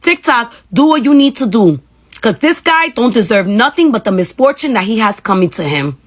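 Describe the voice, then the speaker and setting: A woman's voice: fairly high pitch, big pitch swings, normal speed. A woman, a parent, making an indignant commentary video and throwing in Spanish insults.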